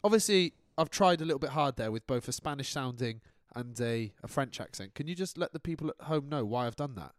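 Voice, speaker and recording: A man's voice: mid-range voice, lively intonation, brisk, few pauses, dry recording. A man co-hosting a football podcast in a laddish, joking manner. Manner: laddish, jokey, silly voices. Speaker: podcast co-host. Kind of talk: casual football chat.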